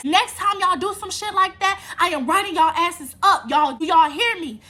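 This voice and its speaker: A woman's voice: extremely high pitch, moderate pace, pushed and bright, voice pushed up. A woman voicing an angry adult female school bus driver who shrilly scolds kids. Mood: scolding.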